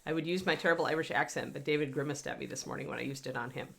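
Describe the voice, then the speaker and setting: A woman's voice: low-pitched, rapid-fire, vocal fry, fairly bright tone. A woman hosting a casual livestream painting tutorial from home, chatty and rambling, laughing often. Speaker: host and miniature painting instructor.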